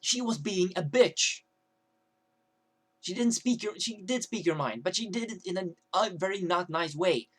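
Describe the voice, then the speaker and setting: A man's voice: sits high, expressive, a little slow, a bit bright. A young man ranting to camera as a vlogger, rambling with many fillers and restarts.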